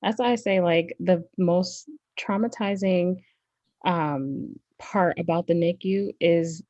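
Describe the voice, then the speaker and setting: Woman host, lowish voice, dry dull lo-fi recording, supportive. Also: slow, dark tone, no room sound. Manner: brief supportive interjections. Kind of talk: podcast conversation.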